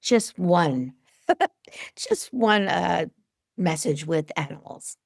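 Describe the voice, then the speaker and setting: A middle-aged woman, a medium and interview guest, telling stories lively and acting out what people said. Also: slow pace, vocal fry, dry recording, clean studio sound. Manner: animated storyteller, acts out quotes with big pitch jumps. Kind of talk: storytelling in a podcast interview.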